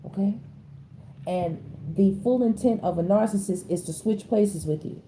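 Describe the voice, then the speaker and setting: Woman with doing a tarot reading, super dark mellow voice, blunt slangy talk, faint hiss behind. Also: normal speed. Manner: animated, slangy, blunt, with sudden high-pitched exclamations. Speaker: tarot reader. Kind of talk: casual spoken tarot reading.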